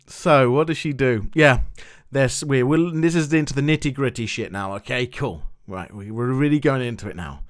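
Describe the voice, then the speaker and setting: A man rambling through a TV episode recap, animated and swearing freely with lots of "anywho"s. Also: on the high side, clear, resonant tone. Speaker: YouTube TV reviewer.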